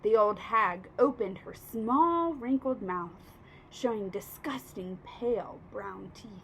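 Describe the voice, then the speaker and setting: A woman reading a children's storybook aloud with expressive narration. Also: mid-range voice, slow, a little hiss or hum. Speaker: reader.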